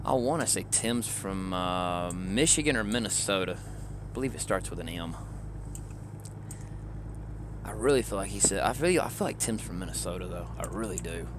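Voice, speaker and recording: A man from Georgia with a Southern accent, chatting with his stream viewers in a relaxed, rambling way, often chuckling. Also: low voice, fairly quick, noisy background. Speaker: live streamer. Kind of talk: casual chat with stream viewers. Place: in a car.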